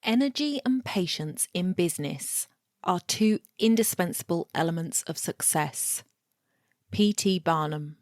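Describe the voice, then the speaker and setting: A woman's voice: fairly low pitch, expressive, unhurried, darkish tone. A woman hosting a podcast interview, talking in an enthusiastic, chatty way with some fillers. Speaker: podcast host.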